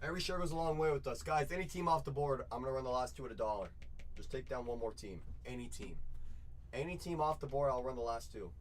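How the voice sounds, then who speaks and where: A man's voice: mid-range voice, quick pace, slight background noise. Guy hyping a live card break, keeps repeating himself, lots of y'all. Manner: hyped, repetitive, chatty, says y'all. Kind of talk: live-stream sales hype.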